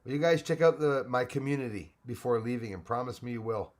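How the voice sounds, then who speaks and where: A man's voice: mid-range voice, brisk. A man hosting a live stream, chatting casually and greeting viewers by name, rambling with frequent restarts. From Canada.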